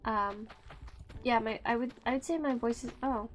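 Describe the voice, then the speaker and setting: A woman streaming a game and chatting with her viewers, speaking softly and rambling. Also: fairly high pitch, fairly even intonation, moderate pace, faint music behind. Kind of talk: casual live-stream chat.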